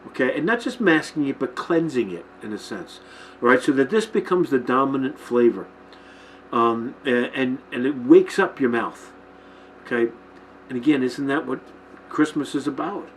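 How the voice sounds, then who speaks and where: Filming himself with a camera mic, a man with a mid-range voice hosts a Christian teaching show. The recording is rough with slight background noise, and he speaks informally to camera about Bible themes, often pausing to check in with listeners.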